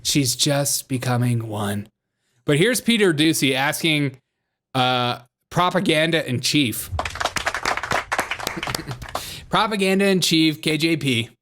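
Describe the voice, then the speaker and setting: A man's voice: on the high side, expressive, a little slow, a bit bright. A man hosting a comedy news show, commenting in a mocking tone and laughing often.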